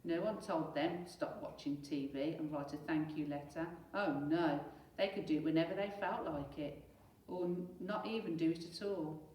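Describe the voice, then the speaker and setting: A teacher reading a children's storybook aloud in a lively, expressive way. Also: female voice, low-pitched, normal speed, recorded from a distance. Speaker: primary school teacher. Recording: echoey room, away from mic.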